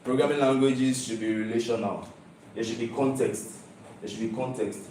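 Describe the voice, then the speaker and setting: A young Nigerian man presents his student project in a mellow, relaxed, mid-range voice at a moderate pace. He is emphatic, repeating key phrases and keeps asking "do you understand?" Recorded from a distance in a large, very echoey lecture hall.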